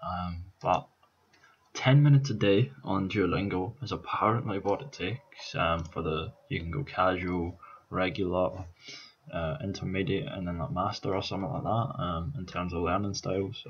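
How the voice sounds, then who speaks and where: A Scottish man in his twenties speaks in a low, slightly husky voice, chatting casually and swearing as he thinks aloud. He sounds tired after a sleepless night, and the recording is a little dull and lo-fi. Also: fairly even intonation, normal speed, fairly bright tone. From Scotland. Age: 20s. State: tired, up all night on coffee. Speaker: YouTuber. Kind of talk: casual vlog commentary.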